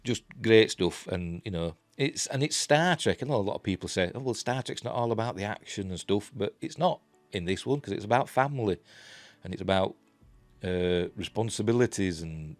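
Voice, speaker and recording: Rambling Yorkshire man, very deep voice. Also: a little mellow, no echo. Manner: rambling, filler-heavy, enthusiastic. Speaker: TV review vlogger. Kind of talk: casual spoken review.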